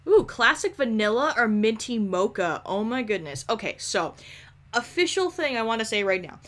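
A young woman giving casual, animated commentary over a life-simulation game, swearing often and scolding the characters. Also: fairly high pitch, moderate pace. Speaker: gameplay commentator.

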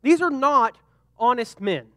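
A young man leading a youth group Bible lesson, joking and animated, briefly acting out the characters in the story. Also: very high-pitched, no echo. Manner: animated and joking, acts out quick character voices. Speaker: youth pastor.

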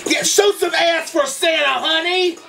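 High-voiced man gushing over a music video. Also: a little slow. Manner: loud, gushing exclamations and frequent profanity; camp, sassy delivery. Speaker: YouTube reactor. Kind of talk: music video reaction vlog. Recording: voice from a distance with music clearly behind. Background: music video playing.

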